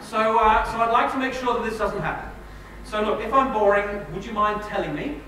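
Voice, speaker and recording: An Englishman giving a live talk in a lecture hall, teasing the crowd and poking fun at himself. His voice sits high for a man. It reaches the mic from some way off, with heavy echo and a steady noise behind it. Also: unhurried. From England. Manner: joking, self-mocking, quizzes the audience. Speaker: guest speaker. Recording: very echoey hall, distant mic, noisy.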